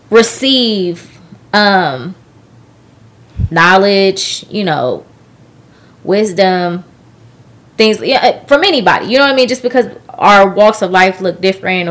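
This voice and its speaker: A woman of middle pitch talks on a casual podcast. She thinks aloud and rambles through her points, checking in with her listeners again and again. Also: a bit bright. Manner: reflective, rambling, many "you know what I mean". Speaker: podcast host. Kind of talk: casual chat.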